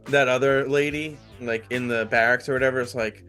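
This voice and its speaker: A man's voice: medium pitch, fairly even intonation, brisk, hardly any pauses, a bit bright, faint music behind. Male podcast co-host, mid voice, joker who turns serious. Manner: joking, then earnest opinions. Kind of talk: casual movie discussion.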